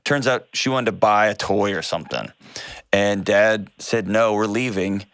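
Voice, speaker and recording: A man hosting a call-in advice show, talking directly and earnestly, quick to correct himself. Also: fairly low pitch, a bit bright, clear, resonant tone, dry recording, studio quality.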